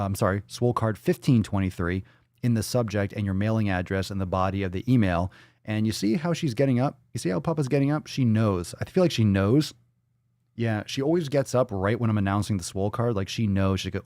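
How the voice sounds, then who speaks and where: A man with a lowish, slightly mellow voice hosts a daily fitness livestream podcast, recorded with studio quality and no room sound. He talks casually, full of hype, profanity and playful catchphrases.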